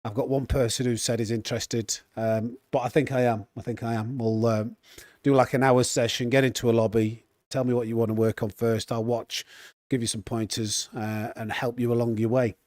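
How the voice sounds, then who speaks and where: A man's voice: medium pitch, level tone, moderate pace, a little mellow, no room sound, studio quality. A man chatting casually on a live stream, reading chat and restarting his sentences often. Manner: chatty, reads chat aloud, frequent restarts and fillers.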